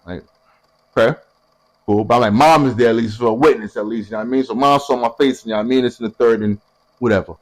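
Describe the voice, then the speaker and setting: A young man telling a story casually, animated and profane, acting out what other people said. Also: medium pitch, fast.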